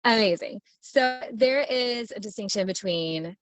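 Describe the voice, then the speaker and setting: A woman's voice: medium pitch, measured pace, no room sound. A woman hosting a live stream as a leadership coach, talking in a bubbly, enthusiastic, playful way. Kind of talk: casual motivational live talk.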